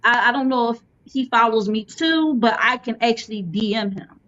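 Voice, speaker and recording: A woman's voice: a little high, moderate pace. A woman hosting a casual talk show, telling stories expressively. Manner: expressive storyteller. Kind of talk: casual chat. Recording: slightly dull lo-fi sound.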